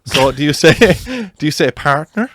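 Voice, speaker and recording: A young man co-hosting a podcast, chatting in a rambling, animated way. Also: on the high side, measured pace, noisy background. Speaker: podcast co-host. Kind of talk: casual chat.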